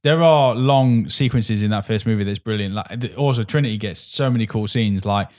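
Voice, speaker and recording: Low-voiced man, chatty. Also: a little fast, darkish tone. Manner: chatty, trivia-sharing, laughs often. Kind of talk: casual film chat.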